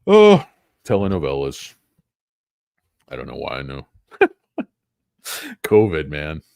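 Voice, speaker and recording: A man's voice: very deep voice, huge pitch swings, slow pace, gravelly, a little mellow, no echo, studio quality. A man hosting a casual livestream show about stocks, rambling, joking and poking fun at himself. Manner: joking, rambling, self-mocking.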